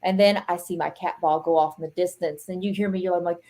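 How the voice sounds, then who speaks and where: Excitable, blunt woman podcast guest. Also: lowish voice, brisk, few pauses. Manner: excitable, blunt, laughs often. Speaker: podcast guest, ghost hunter. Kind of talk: casual chat.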